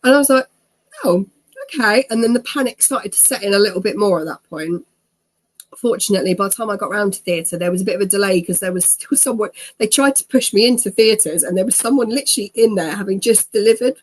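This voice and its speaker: A woman, telling her own story as an interview guest. Her voice is husky, her pitch sits mid-range for a woman, and she talks in a chatty, easygoing way. She laughs often and acts out the lines other people said to her. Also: fast talker, darkish tone. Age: 30s.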